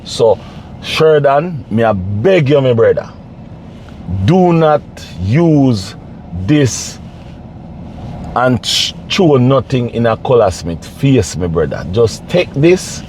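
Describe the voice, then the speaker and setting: Pleading man, lively pitch. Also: slow pace, slight background noise. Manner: pleading, repetitive, preachy. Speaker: vlogger. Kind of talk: casual direct-to-camera commentary.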